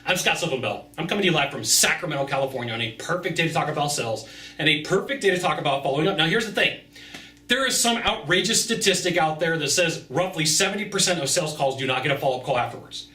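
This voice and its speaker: A man's voice: fairly high pitch, sharp tone, echoey room, recorded from a distance. A man giving brash, emphatic sales advice straight to the viewer in a vlog. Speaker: sales consultant. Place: outdoors.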